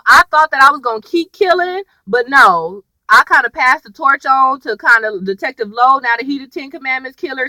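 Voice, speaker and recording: Woman, high-pitched, bright and sharp, casual episode recap, animated asides. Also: dry recording, low-quality recording. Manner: animated storytelling with slangy asides to viewers. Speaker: TV episode reviewer.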